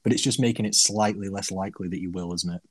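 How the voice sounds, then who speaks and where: A man's voice: low-pitched, steady tone, fast, dry recording. Guy hosting a chatty podcast, upbeat, dry sound. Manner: upbeat, laughs often. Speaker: podcast host. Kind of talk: casual chat.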